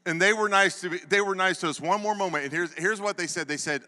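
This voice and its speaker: A man in his fifties gives a folksy sermon from a church sanctuary. His voice is bright and a little high for a man, and it rings out with long hall reverb. He laughs often and repeats phrases for emphasis. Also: fairly quick, hardly any pauses. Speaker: pastor. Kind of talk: sermon with personal storytelling.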